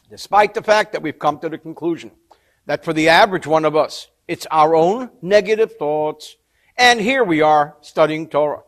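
A man teaching a religious text, telling a story with expression and explaining Hebrew terms in English. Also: fairly high pitch. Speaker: Torah teacher. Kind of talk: textual study lesson with storytelling.

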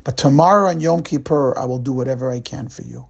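A man voicing a stern, calm male camp overseer who speaks in a measured way. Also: mid-range voice, gravelly, slightly rough, muffled recording. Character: stern man turned defiant.

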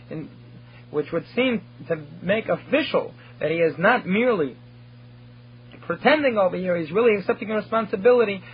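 A man's voice: sits high, a little hiss or hum. A man teaching a recorded study lecture, explaining and translating Hebrew terms phrase by phrase. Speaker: Torah teacher. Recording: dull lo-fi recording.

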